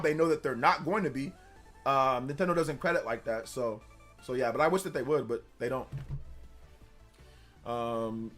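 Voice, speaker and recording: A young man with a slightly high, pushed, bright voice hosts a casual livestream with background music playing. He's defensive and argumentative, answering chat comments and repeating his point.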